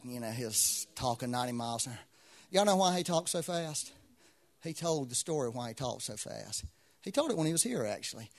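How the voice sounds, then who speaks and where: Impassioned preaching man, higher voice. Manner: preaching with swelling intensity, repeating phrases. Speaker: pastor. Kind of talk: sermon.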